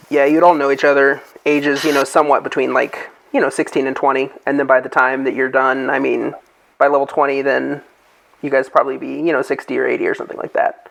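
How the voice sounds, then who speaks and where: Gravelly man rambling through game plans. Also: mid-range voice, little pitch movement, brisk, fairly bright tone, poor audio. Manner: rambling, thinks aloud with many fillers. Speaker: game master. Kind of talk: casual group chat.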